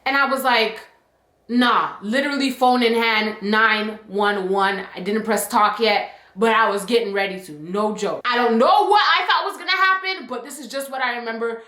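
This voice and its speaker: A young woman telling a personal story on her vlog, animated and emphatic, often adding "like" and "okay?", in an echoey room. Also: a little high, moderate pace. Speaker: YouTube storyteller.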